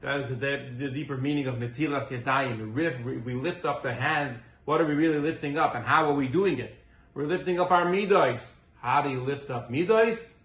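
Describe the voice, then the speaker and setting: A man's voice: mid-range voice, moderate pace, fairly bright tone. A man giving a Torah class as a rabbi, earnest and full of rhetorical questions, weaving in Hebrew and Yiddish terms. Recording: roomy echo.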